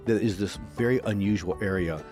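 A man narrating a tabletop game as game master, slow and halting with many fillers. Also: on the low side, a little mellow, faint music behind.

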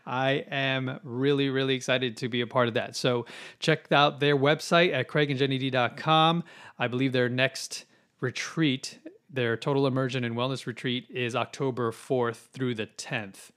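A man's voice: medium pitch, fairly even intonation, normal speed, fairly bright tone. A man hosting a podcast, talking casually with many fillers and restarts. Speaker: podcast host.

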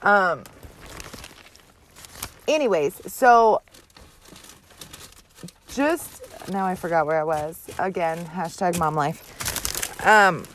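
A woman's voice: lowish voice, expressive, very slow, long pauses, fairly bright tone, a little hiss or hum. A mother hosting her own show, delivering a blunt, profane, emphatic motivational monologue. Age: adult mother. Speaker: host.

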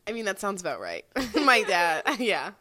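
Young woman, podcast co-host, dry teasing, says "like" a lot, bright tone, mid pitch. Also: wildly swooping pitch, moderate pace. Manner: teasing, dry, fills speech with "like". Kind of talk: casual chat.

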